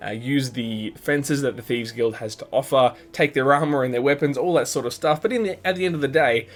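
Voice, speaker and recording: A man's voice: medium pitch, brisk. A man hosting a let's play, giving chatty, rambling gameplay commentary full of restarts and laughs. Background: game music.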